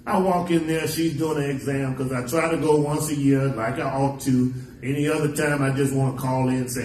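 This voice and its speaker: A man's voice: mid-range voice, steady tone, moderate pace, a little mellow, slight background noise. A man preaching a sermon as pastor, mixing folksy stories and dramatic quoted lines. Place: church sanctuary. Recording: echoey church recording from a distance.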